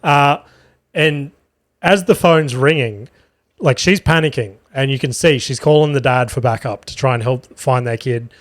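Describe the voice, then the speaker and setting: A young comedian hosts his own podcast, casually telling rambling, profane stories packed with fillers and laughter. His voice is mid-range and delivered at a normal speed, recorded cleanly in a studio with no room sound.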